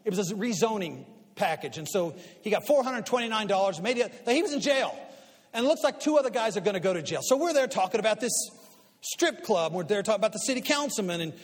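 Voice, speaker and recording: A high-voiced man, a guest speaker and media commentator, tells stories quickly to a live audience in a large hall. He's an animated storyteller who swings between quiet asides and loud punchlines. The hall's long reverb carries through the recording.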